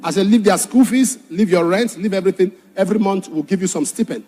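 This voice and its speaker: Impassioned high-voiced preacher with husky tone. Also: male voice, fast talker, few pauses, soft background music. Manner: impassioned, shifts from shouted warnings to hushed storytelling. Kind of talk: sermon.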